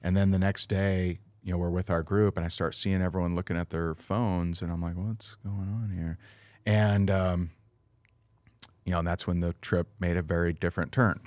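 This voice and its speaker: A man's voice: low voice, level tone, fairly quick, darkish tone, dry recording. A middle-aged man talking as a podcast guest, telling an earnest, emotional personal story with many fillers and restarts.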